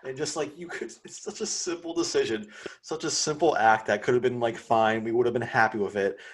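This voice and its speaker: A man's voice: mid-range voice, a little fast, slightly rough. A man ranting about sports in profane, worked-up casual chat as a podcast host. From Philadelphia.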